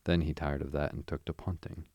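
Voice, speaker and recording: A man voicing a sociable, easygoing male water rat in a storybook reading, in a gravelly voice. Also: a bass voice, flat delivery, a little fast, mellow, no echo, exaggerated voice. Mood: cheery.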